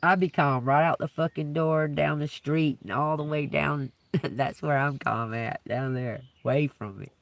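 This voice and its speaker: A man's voice: on the high side, fairly even intonation, a little slow, gravelly, a bit bright, distant mic, a little hiss or hum. A man doing a live-stream tarot reading, talking casually, swearing freely and laughing often. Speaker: tarot reader.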